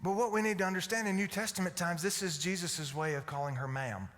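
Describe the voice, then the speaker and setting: A man preaching a folksy, humorous sermon from the pulpit. His voice is bright and somewhat high, dropping to a hush for effect. A long reverb fills the church hall. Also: fast. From Alabama. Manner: folksy, humorous, swings from loud to hushed. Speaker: pastor. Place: church sanctuary.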